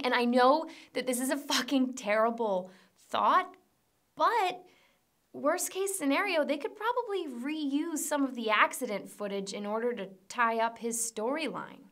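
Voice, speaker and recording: A woman's voice: on the high side, a bit bright. A woman hosting a comedy news roundup, delivering headlines with dry, sarcastic jokes.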